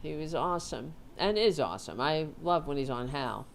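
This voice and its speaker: A woman's voice: low-pitched, animated, moderate pace, vocal fry, a little hiss or hum. A woman hosting a casual livestream, rambling and swearing as she chats and talks to her cat. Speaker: host.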